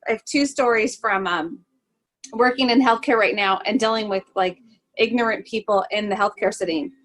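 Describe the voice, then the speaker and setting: A woman's voice: mid-range voice, moderate pace, low-quality recording. A woman hosting a podcast as a nurse, telling stories in casual chat with lots of fillers and laughter. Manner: animated storyteller, laughs often, many fillers. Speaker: podcast host, holistic travel nurse.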